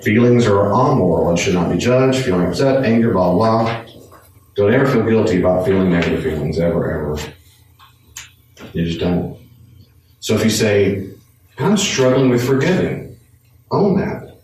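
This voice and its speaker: Low-voiced man teaching a casual Bible study, earnest, heard from a distance in a very echoey room with faint noise. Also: moderate pace, pauses often, a little mellow. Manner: earnest, repeats points for emphasis.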